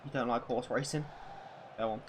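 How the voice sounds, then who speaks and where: Here a man streams a football game, calling plays like a commentator and chatting with viewers, excitable and given to swearing and shouting. His medium-pitched voice moves at a moderate pace, with some chatter behind him and slight background noise.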